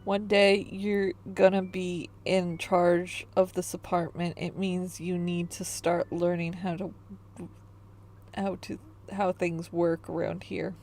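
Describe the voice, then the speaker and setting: A woman voicing a weary older grandmother who runs an apartment building, speaking in slow, measured instructions. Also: on the low side, little pitch movement, a little mellow, a little hiss or hum. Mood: instructing.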